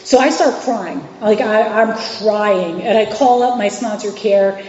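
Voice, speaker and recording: Her voice mid-range and darkish, a woman in her forties from New York City and Virginia speaks at a measured pace, giving an open, conversational recovery share as a meeting's guest speaker, with frequent fillers and restarts. The meeting hall sound is echoey and dull lo-fi, with slight background noise.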